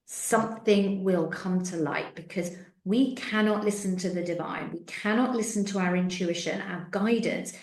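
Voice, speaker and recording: A woman's voice: medium pitch, moderate pace, few pauses, darkish tone, echoey room. A woman spiritual mentor answering interview questions earnestly, sometimes acting out voices in her stories.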